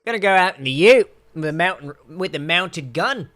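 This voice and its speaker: A brash, boastful Australian soldier with a loud, cocky swagger, as a man puts him on. The voice sits a little high and full of bravado. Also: lively intonation, normal speed.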